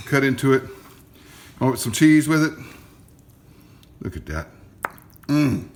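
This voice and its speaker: A man's voice: medium pitch, background noise. A middle-aged man hosts a casual cooking vlog outdoors at a grill, joking and chatting with his kids in a folksy way. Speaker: cooking show host and father.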